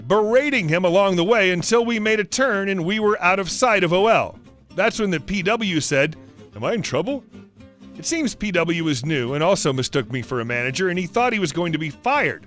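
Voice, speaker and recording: Brief: man reading stories aloud, high, very animated pitch, faint guitar music under him. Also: brisk. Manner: lively storytelling. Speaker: story narrator.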